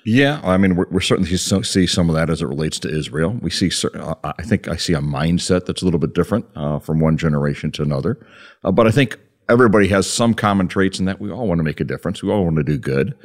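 Co-host, male, deep and quick, stumbles over restarts, chatty. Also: animated. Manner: hesitant, repeats words, fillers, trails off softly. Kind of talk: radio talk show chat.

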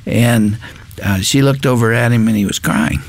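A man's voice: mid-range voice, normal speed. An older man, a guest on a Christian talk show, telling a personal testimony in an earnest, reflective way.

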